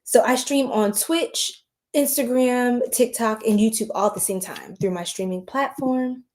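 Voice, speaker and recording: A woman's voice: a little high, a little slow, a little mellow. A woman reading tarot on a late-night livestream, chatting with viewers in a giggly, scattered and tired way.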